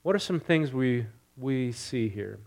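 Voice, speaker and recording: A male pastor leading prayer and then preaching through a scripture passage, getting louder on the quoted lines and putting questions to his congregation. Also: mid-range voice, a little slow, gravelly. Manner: animated, rising loud on quoted lines, asks congregation questions. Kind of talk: sermon with scripture reading.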